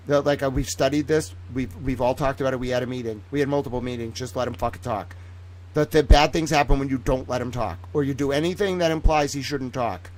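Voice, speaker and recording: This is a man on a livestream talking fast and loose, full of sarcasm and swearing. He keeps slipping into little acted-out exchanges between imagined people, and his voice sits in an ordinary middle pitch. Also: poor audio. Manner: animated, sarcastic, swears freely, acts out imagined dialogue. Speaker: independent streamer and commentator. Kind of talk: profane rambling monologue.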